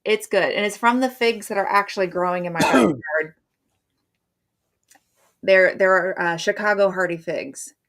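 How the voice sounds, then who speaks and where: A woman's voice: medium pitch, moderate pace, a bit bright. A middle-aged woman hosting a live stream, chatting casually and rambling in a friendly way.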